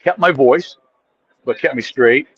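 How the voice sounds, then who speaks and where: A man's voice: mid-range voice, unhurried, slightly rough, dry recording, highs cut off. A man, a podcast guest, telling stories in a casual chat, acting out quotes and restarting sentences often. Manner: animated storyteller acting out quotes, frequent restarts.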